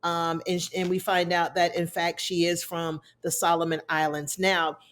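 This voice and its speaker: A woman's voice: lowish voice, level tone, normal speed, fairly bright tone. A woman hosting a casual recap, chatting about scenes and acting out the lines. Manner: chatty, retells scenes with acted quotes. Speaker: TV recap host.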